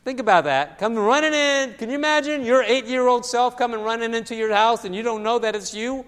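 High-voiced pastor preaching in a hall. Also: male voice, fairly quick, clear, resonant tone. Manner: storytelling, animated with acted voices, repeats words. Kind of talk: sermon. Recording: long hall reverb.

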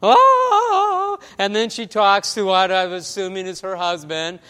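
A man's voice: sits high, steady tone, moderate pace, a bit bright, smooth. A man preaching a conversational storytelling sermon as a pastor, acting out little scenes with voiced quotes. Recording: long hall reverb.

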